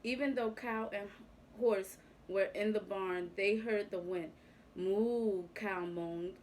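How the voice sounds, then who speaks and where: A woman reading a picture book aloud to young children. She takes it very slowly and tells it with a gentle, expressive touch, at a middle pitch. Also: a little hiss or hum, poor audio.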